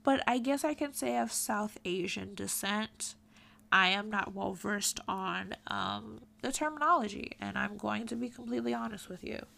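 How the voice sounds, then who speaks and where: A woman's voice: mid-range voice, normal speed, vocal fry, bright, forceful tone. A woman vlogger giving candid, emphatic commentary to camera, with frequent ums and restarts.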